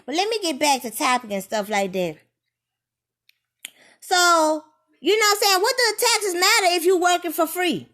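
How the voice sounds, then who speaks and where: Profane ranting woman, high bright voice. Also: sing-song, moderate pace. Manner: rambling, profane, heated, swings between low grumbling and loud outbursts. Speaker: vlogger. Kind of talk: casual ranting monologue.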